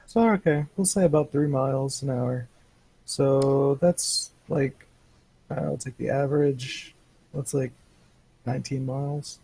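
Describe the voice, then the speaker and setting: A man's voice: medium pitch, steady tone, measured pace, vocal fry, mellow, breathy edge, poor audio. A man running a tabletop game as game master, hesitant and full of fillers.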